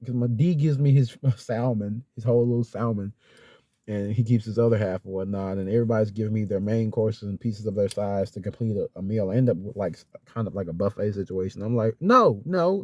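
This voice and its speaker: Man, casual storytime vlog, rambling, exasperated, swears, warm voice, dry room. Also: fairly low pitch, steady tone, fairly quick, no room sound. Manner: rambling, exasperated retelling with acted-out quotes. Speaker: vlogger.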